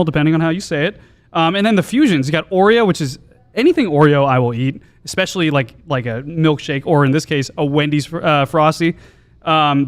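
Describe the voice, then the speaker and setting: Casting: male podcast regular, higher voice, rambling casual ad read. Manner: rambling, chatty, lots of fillers. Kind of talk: casual sports podcast chat.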